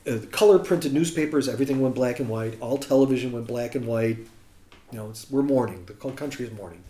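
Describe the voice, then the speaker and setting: A man's voice: medium pitch, quick pace. A man from the United States, a musician telling a casual anecdote and acting out the people he quotes. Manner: animated storyteller who acts out quotes. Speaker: guest musician. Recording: roomy echo.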